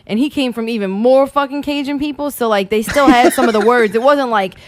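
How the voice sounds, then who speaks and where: A woman co-hosting a laid-back podcast recorded on a close, dry microphone. Her voice sits a little high, and she tells stories with plenty of swearing and sudden bursts of a Cajun impression. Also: fairly quick, dry recording. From Louisiana. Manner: animated storytelling, swearing freely, slipping into an exaggerated Cajun impression. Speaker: podcast co-host. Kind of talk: casual podcast chat.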